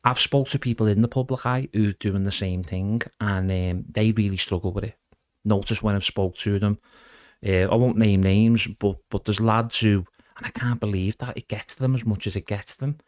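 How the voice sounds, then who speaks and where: A man's voice: on the low side, fairly even intonation, normal speed, darkish tone, no room sound, clean studio sound. A middle-aged man chatting as a podcast guest, rambling casually and calling the host "mate". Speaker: guest impressionist.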